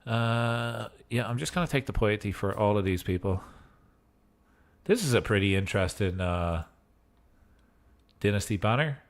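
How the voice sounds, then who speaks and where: A man with a fairly low voice talks through a strategy game as a streamer. His commentary is casual and loose, drifting into goofy, joking asides between moves. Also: moderate pace, pauses often. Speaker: gaming streamer.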